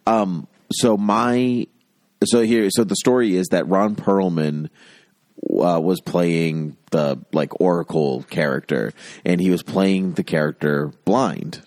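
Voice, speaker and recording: Man, very low voice, dry close mic, teasing film talk. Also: takes it slowly, a little mellow, no echo. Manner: dry and teasing, laughs at his own jokes. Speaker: podcast co-host. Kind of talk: casual chat about films.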